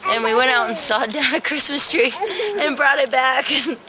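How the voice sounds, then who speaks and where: A woman's voice: high voice, steady tone, normal speed, a loud crowd. A woman in a documentary recounting a family story with emotion, acting out the voices of the people she quotes. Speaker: musician interviewed in a documentary. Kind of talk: personal storytelling. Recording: heavy background noise.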